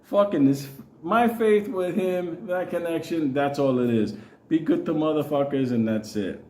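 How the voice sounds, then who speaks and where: A man's voice: on the high side, normal speed, warm tone, a little hiss or hum. A middle-aged man hosting his own channel, telling rambling, profanity-heavy personal stories and often laughing. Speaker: channel host. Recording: echoey room.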